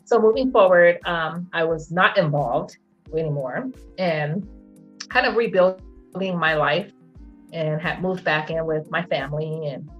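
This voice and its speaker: A middle-aged woman from the telling her story as an interview guest, animated and laughing, acting out quotes in a high voice. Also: a little slow. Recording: dull lo-fi sound with faint music.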